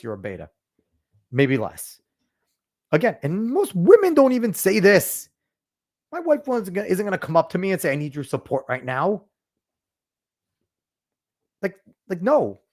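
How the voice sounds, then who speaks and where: Speaking in a slightly high voice, this man hosts a podcast where he rants without softening anything, swearing freely. His casual commentary turns into emphatic lectures aimed at his listeners.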